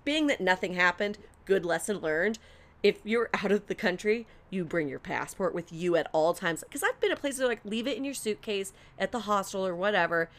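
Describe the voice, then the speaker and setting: A woman's voice: mid-range voice, lively intonation, moderate pace, a bit bright. A young adult woman in casual chat, telling a story with lots of swearing and acted-out quotes. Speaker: storyteller guest.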